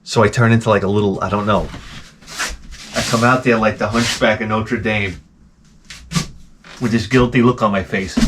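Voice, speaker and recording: A man's voice: on the low side, fairly even intonation, moderate pace, pauses often, noisy background. A middle-aged man hosting his own show, grumbling through a profane, exasperated casual rant. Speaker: show host. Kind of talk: casual ranting monologue.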